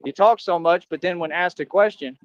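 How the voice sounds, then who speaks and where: A man's voice: high-pitched, fairly quick, no room sound, dull audio. A man livestreaming, talking to his viewers in a boastful, confrontational rambling monologue with slangy street talk.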